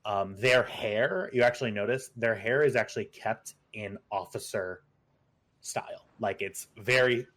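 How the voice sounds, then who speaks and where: A man narrating as game master, halting and full of fillers, laughing easily as he rules on the players' moves. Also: lowish voice, fairly bright tone. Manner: hesitant, many fillers and restarts, laughs easily.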